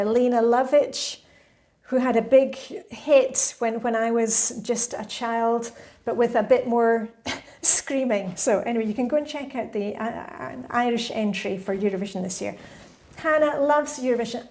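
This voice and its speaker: A woman's voice: fairly high pitch, darkish tone. A middle-aged woman vlogger answering viewer questions in a casual, chatty way, often laughing between points. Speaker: lifestyle vlogger. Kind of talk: casual Q&A chat to camera.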